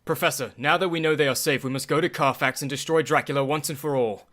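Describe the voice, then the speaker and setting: A man's voice: fairly high pitch, quick pace, a bit bright, lightly acted. A man voicing an earnest, devoted doctor in a radio play, speaking urgently. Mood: resolute. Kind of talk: community radio play acting.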